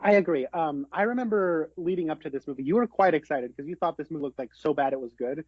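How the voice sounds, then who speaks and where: A man co-hosting a podcast in easy, relaxed chat, his voice a touch higher than most. The sound is very dry, close and dull, like a lo-fi home setup. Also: fast talker, no room sound. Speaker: podcast co-host.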